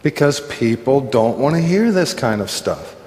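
Slow-preaching man in a reverberant hall. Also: mid-range voice, very animated, darkish tone. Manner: conversational preaching with asides and throat clearing. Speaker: pastor. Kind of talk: sermon.

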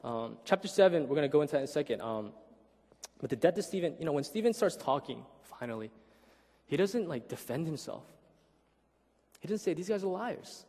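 A man in his thirties preaches in a casual, animated way, with a slightly raised voice. He keeps checking in with the listeners, and his words ring through a long, reverberant hall. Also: on the high side, a little fast, pauses often. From Korean heritage. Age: 30s. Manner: animated, keeps asking "right?", acts out voices. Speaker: pastor. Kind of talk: conversational sermon.

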